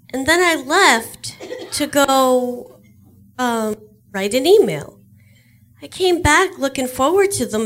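A woman's voice: high-pitched, fairly bright tone. A woman telling a short, amused personal story to an audience.

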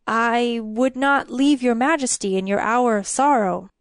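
A woman's voice: on the high side, unhurried, smooth, no room sound, clean studio sound. Brief: woman voicing a nervous loyal servant, hesitant, pleading, storybook tale. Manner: pleading, faltering, mumbling. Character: reluctant, fearful male royal servant.

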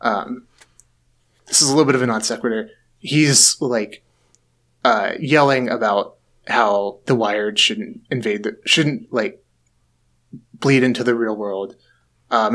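A man's voice: on the low side, steady tone, a little slow, pauses often, a bit bright. A man co-hosting a casual podcast who recaps an anime scene hesitantly, with many fillers. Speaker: podcast co-host. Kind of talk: casual chat.

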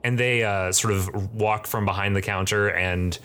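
A low-voiced man runs a tabletop game as game master, narrating in a halting, stop-and-start way. A faint ambience hums behind him. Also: fairly even intonation, sharp tone, a little hiss or hum. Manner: halting, full of fillers and restarts.

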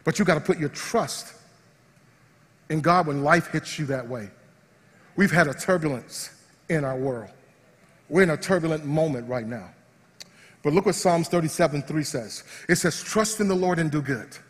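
A pastor preaching with a high, slightly husky voice. He moves from loud shouts of praise to quiet, hushed asides. His words ring out through a large hall with a long reverb. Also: moderate pace, long pauses. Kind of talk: sermon.

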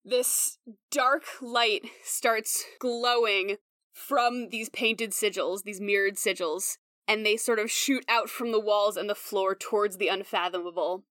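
A young woman running a tabletop game as game master, narrating in an animated way, full of "like" fillers. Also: medium pitch, a little slow, no room sound, studio quality. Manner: animated, lots of "like" fillers, breaks into character voices.

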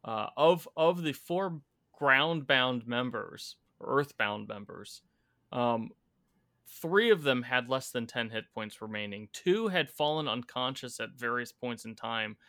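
A man recapping a tabletop campaign as its game master, a measured storyteller with a teasing edge. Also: mid-range voice, expressive, pushed and bright.

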